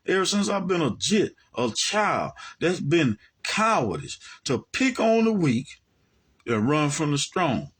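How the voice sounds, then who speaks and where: Husky-voiced man from Alabama. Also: on the high side, sing-song, unhurried, fairly bright tone. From Alabama, USA. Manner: colloquial and combative, repeating "man" and "you see what I'm saying". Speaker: religious teacher. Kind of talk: heated monologue rebuttal.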